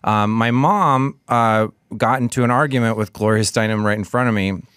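A man's voice: lowish voice, normal speed, fairly bright tone, clean tone, dry recording, clean studio sound. Rambling male guest telling stories. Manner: rambling anecdotes with restarts and profanity. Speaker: comedian guest. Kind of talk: casual chat, storytelling. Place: studio. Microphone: studio mic.

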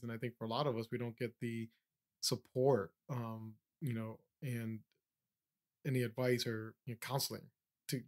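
A man hosting a podcast interview who talks in a relaxed, agreeable way and thinks aloud as he asks questions. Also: medium pitch. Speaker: podcast host. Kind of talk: casual interview.

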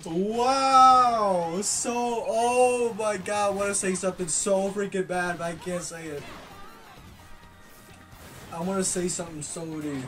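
A gaming YouTuber giving loud, excitable commentary, yelling and swearing at opponents while playing. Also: mid-range voice, slow pace, far from the mic, soft background music.

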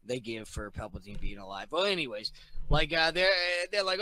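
A man's voice: medium pitch, brisk, sharp tone, low-quality recording. Rambling, profane tipsy man. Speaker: podcast guest. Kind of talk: casual chat, retelling a movie plot.

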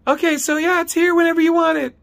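A man putting on a shrill, whiny voice for a dismissive office clerk who stammers and gets flustered. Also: level tone, quick pace, vocal fry.

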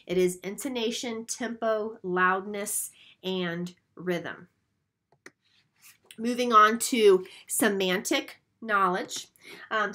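Female instructor, recorded lecture, explanatory delivery, frequent "okay?" check-ins. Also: a little high. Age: adult, a mother.

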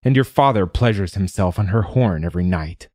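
A man voicing a calm, sharp-tongued young male novice monk who answers in quiet, cool retorts. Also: deep voice, fairly quick, no room sound, clean studio sound. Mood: biting.

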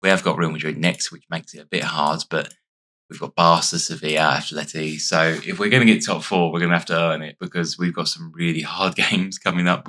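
Very deep hoarse man commentating a game. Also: bright, forceful tone. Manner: chatty, thinking aloud while playing. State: losing his voice. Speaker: gaming YouTuber. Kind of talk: casual let's-play commentary.

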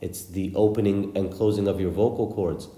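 A man's voice: low voice, fairly even intonation, moderate pace, dark tone, roomy sound. A man teaching the Arabic letters for Quran recitation, patiently drilling each sound with repeated examples. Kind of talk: instructional lesson.

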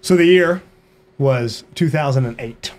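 A man telling a story on a podcast, animated, humming sound effects and tagging lines with "right?". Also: mid-range voice, unhurried. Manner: frequent "right?" tag questions. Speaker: podcast guest. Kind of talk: storytelling in conversation.

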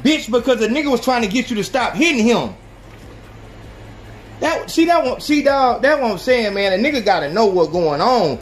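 A man hosting a podcast, ranting profanely with animated reaction commentary. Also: extremely high pitch, normal speed, echoey room, recorded from a distance, slight background noise. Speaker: podcast host.

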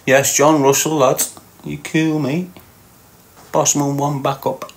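A man's voice: a little high, level tone, slow pace. A man with a Liverpool Scouse accent hosting a livestream, reading viewer comments aloud and mocking them with banter and frequent laughs. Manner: mocking banter, laughs often, talks back to chat. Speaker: livestream host.

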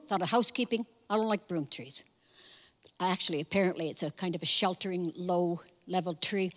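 A woman's voice: mid-range voice, big-room sound. A woman preaching a sermon in a conversational, storytelling way, acting out the voices in the story. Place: church hall.

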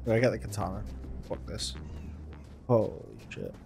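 A man's voice: lowish voice, wildly swooping pitch, moderate pace, gravelly, darkish tone. A man giving a jumpy, swear-filled running commentary while playing a video game, talking to himself and to the characters on screen. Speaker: gaming video host. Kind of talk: let's play commentary.

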